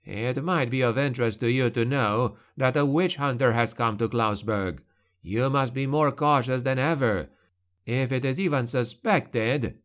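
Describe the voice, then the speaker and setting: A man's voice: mid-range voice, measured pace, natural voice. A man voicing a bitter, fearful male necromancer in an audiobook, speaking sharply. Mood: testy. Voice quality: sharp, snapping.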